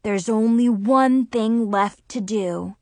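A woman's voice: fairly high pitch, slow, dry recording, clean studio sound. Woman reading as Zoe, a worried teen girl. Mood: warning. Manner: urgent, warning.

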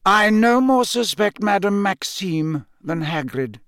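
A wise old male headmaster wizard from a storybook, speaking calmly and quietly with a dry edge, as a man reads him aloud. The sound is dry and close. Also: high voice, slow, smooth, dry recording, pitched above the performer's own voice, exaggerated voice.

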